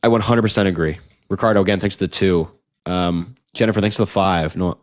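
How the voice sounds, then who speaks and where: A young man hosting a late-night political livestream, ranting earnestly, repeating himself, and reading out chat donations while sounding tired. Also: deep voice. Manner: earnest, repetitive, fast rants with filler "like".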